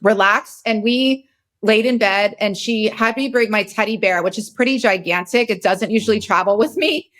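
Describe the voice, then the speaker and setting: Speaking at a normal speed with a medium-pitched, fairly bright voice, this podcast host is a woman in her forties. She rambles through a personal story candidly and emotionally, and she sounds deeply tired.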